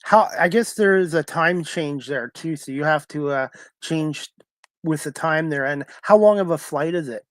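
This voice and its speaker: A man's voice: fairly high pitch, moderate pace, fairly bright tone, no echo. A man hosting a talk show, asking his guest short, plain questions over a video call. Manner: brief, plain questions with fillers. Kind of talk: interview questions.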